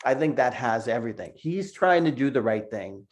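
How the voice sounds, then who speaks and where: A man's voice: medium pitch, lively intonation, normal speed. A middle-aged man, a cartoonist, telling stories in a casual interview over a video call, laughing often and repeating words as he goes. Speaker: cartoonist guest.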